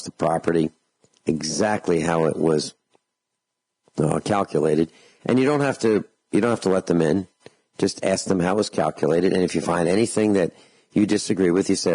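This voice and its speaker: A man hosting a talk radio show, giving slow, deliberate advice and repeating phrases for emphasis. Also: deep voice, a little mellow, dry recording, low-quality recording.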